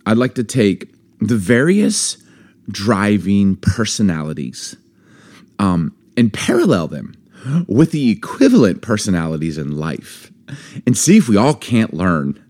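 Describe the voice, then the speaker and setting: A man co-hosting a podcast in casual chat, an animated storyteller who acts out his own reactions, on a studio mic. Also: fairly low pitch, unhurried. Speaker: podcast co-host.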